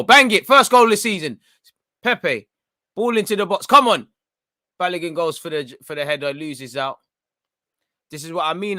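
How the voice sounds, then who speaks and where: Excitable young football fan. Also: male voice, mid-range voice, no echo, studio quality. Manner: excitable, urgent, coaching the players. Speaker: fan watchalong host. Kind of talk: live match reaction commentary.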